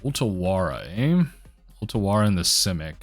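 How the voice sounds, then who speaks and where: A man commentating his own card game match for a video, muttering quietly at times and then bursting into excited yells. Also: moderate pace, soft background music. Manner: mutters low then erupts into excited yelling. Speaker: gaming video host.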